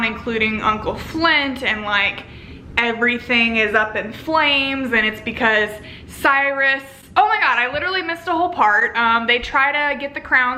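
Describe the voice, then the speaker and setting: A woman's voice: fairly high pitch, bright, forceful tone. A young woman chatting casually as a book reviewer, rambling and gushing, with lots of "like" and "um".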